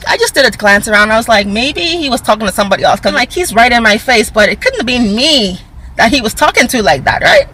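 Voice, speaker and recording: A woman telling a casual storytime vlog, animated, talking to her viewers and acting out what people said. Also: fairly high pitch, fast talker, breathy edge, low-quality recording. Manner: acts out quoted dialogue in raised voice. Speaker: vlogger.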